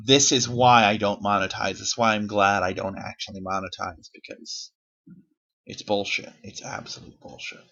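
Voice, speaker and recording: Bright-voiced swearing gaming vlogger man. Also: medium pitch, dull audio. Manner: rambling, profane, self-deprecating. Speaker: YouTuber. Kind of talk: casual gameplay commentary.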